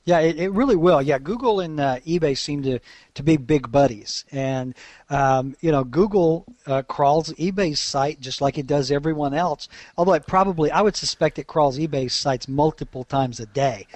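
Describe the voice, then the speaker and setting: A man's voice: on the high side, moderate pace, a little mellow, no room sound. Chatty man, dry close mic. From Alabama. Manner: chatty, laughs often, frequent restarts. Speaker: podcast co-host. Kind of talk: casual podcast chat.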